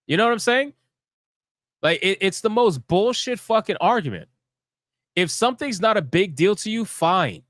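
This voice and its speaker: A man's voice: high-pitched, fairly bright tone, no room sound, clean studio sound. A man hosting a live stream, giving heated, profane commentary in a fired-up, emphatic way.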